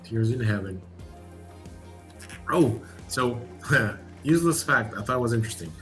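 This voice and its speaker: A man's voice: mid-range voice, animated, measured pace, fairly bright tone, soft background music. A man co-hosting a livestream by remote call, teasing his partner and laughing often as he chats casually.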